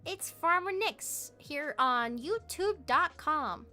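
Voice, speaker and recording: A woman putting on a mock Southern accent as a folksy country farmer, hamming it up with a drawn-out twang. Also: high voice, animated, pushed and bright, soft background music, pitched above the performer's own voice, full character voice. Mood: hammy.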